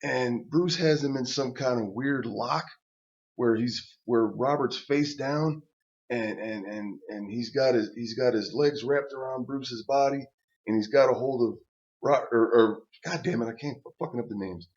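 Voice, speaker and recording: A man's voice: medium pitch, a little slow, a little mellow, lo-fi sound. An older man telling a personal story as a casual, profane rant, blunt and stammering through restarts.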